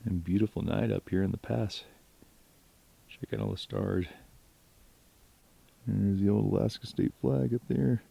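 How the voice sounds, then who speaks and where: A man's voice: on the low side, steady tone, a little slow, vocal fry, long pauses, warm tone, husky. A man in a casual outdoor vlog, talking chattily to his viewers as he goes along mountain trails. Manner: chatty and upbeat, talking to viewers while biking. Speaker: vlogger. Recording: noisy outdoor recording.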